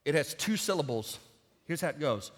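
A man delivers a sermon as pastor in a church sanctuary. His voice sits high and moves with animated swings of pitch. He mixes wry, self-mocking humor with loud, exclaimed declarations, and a long hall reverb trails every phrase. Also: moderate pace.

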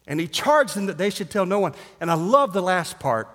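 A male pastor preaching a sermon, swinging between hushed, quiet stretches and loud shouting, with joking asides. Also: sits high, big pitch swings, fast talker, few pauses. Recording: long hall reverb.

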